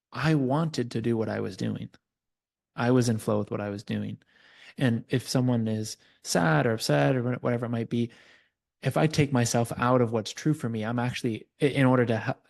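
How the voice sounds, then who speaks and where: Gravelly-voiced man calmly explaining. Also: mid-range voice. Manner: earnest, explaining with examples. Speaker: podcast guest, inquiry coach. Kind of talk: conversational teaching.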